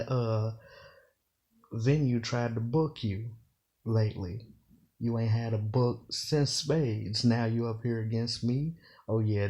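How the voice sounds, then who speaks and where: A man with a warm, mid-range voice casually breaks down battle rap bars. He explains the slang and the double meanings, saying "you know" a lot.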